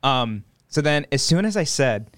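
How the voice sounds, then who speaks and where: A man's voice: medium pitch, big pitch swings, normal speed, a bit bright, dry recording. A man co-hosting a podcast, telling a story in a rambling, profane way and acting out the voices of the people in it. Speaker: podcast co-host. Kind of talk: casual chat, storytelling.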